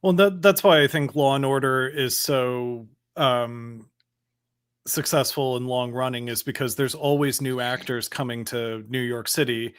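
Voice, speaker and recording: A man chatting on a podcast with a medium-pitched voice. He talks in a thoughtful, measured way, pausing on fillers as he works through an idea. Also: steady tone, smooth, no echo, clean studio sound. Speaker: podcast co-host. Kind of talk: casual chat.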